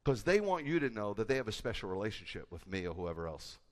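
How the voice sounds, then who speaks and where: A man who is a rabbi, preaching a sermon emphatically and shifting between loud bursts and low confiding asides. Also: very animated, quick pace. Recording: echoey hall with a long tail.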